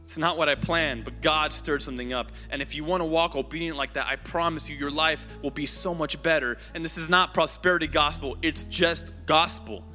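Earnest high-voiced preacher in a hall. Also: male voice, fairly quick, hardly any pauses. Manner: earnest, repetitive pleading invitations. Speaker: pastor. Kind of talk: sermon with altar call. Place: church sanctuary. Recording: hall reverb, music playing softly behind.

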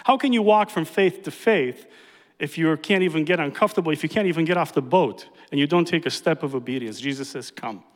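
A man's voice: on the high side, a little fast. A man pastor preaching a sermon, emphatic and repeating key phrases for effect. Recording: reverberant hall.

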